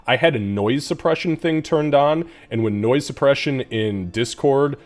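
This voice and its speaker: A man's voice: mid-range voice, a little slow. A man runs a tabletop game over voice chat and narrates loosely and casually. He swears freely as he goes. Faint background music plays under his voice. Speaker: game master.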